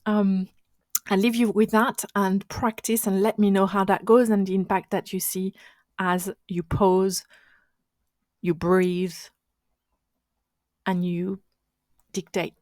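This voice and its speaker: A woman's voice: mid-range voice, flat delivery, slow, long pauses, darkish tone, dry recording. A woman hosting her own coaching podcast, speaking English as a second language, with an instructive, conversational manner that often restarts mid-phrase. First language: not English. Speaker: podcast host and marketing coach. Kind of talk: solo coaching podcast talk.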